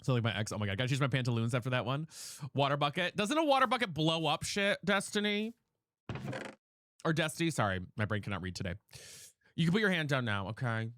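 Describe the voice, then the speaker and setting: Brief: male game streamer, bright and animated delivery, sassy and dramatic, faint hiss behind. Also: medium pitch, fast talker, dry recording. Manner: sassy, dramatic, chatty with chat. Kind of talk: live gameplay streaming with chat.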